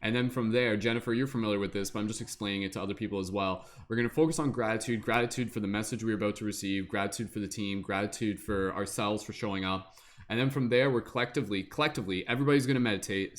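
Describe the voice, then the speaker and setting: A man hosting a tarot livestream in a casual chat, upbeat and quick, often dropping "like" into his speech. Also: fairly low pitch. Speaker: tarot reader and livestream host.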